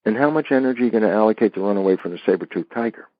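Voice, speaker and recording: A man being interviewed, explaining ideas with lively stories and acted-out dialogues. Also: lowish voice, very fast, no echo, muffled recording. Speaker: interview guest. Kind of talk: animated explanatory interview talk.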